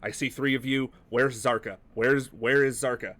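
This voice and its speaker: A man's voice: on the low side, normal speed, fairly bright tone, lightly acted. A man voicing a frantic, panicking cloaked man obsessed with time, who repeats himself. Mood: panicked.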